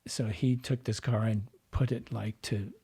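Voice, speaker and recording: A man with a husky, slightly breathy voice talks like a patient teacher. He breaks down speech sounds step by step and voices examples as he goes. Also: on the low side, unhurried. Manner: animated teacher, demonstrates sounds as he explains. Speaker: dialect coach guest. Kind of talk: explanatory interview talk.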